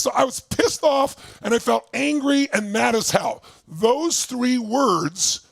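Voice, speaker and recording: A man telling a motivational story, acting out the people in it and sometimes shouting for emphasis. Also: extremely high pitch, slow pace, vocal fry, no room sound, clean studio sound. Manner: animated, acts out quotes, shouts for emphasis. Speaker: motivational speaker.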